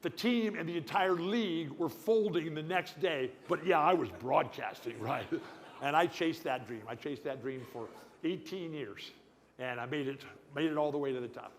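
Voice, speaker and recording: A man's voice: a little high, moderate pace. Older man with a stutter, echoing hall. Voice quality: lifelong stutterer. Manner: emphatic, folksy, jumps between tangents. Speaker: guest speaker at an awards dinner. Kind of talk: rambling storytelling speech. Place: banquet hall at a club dinner.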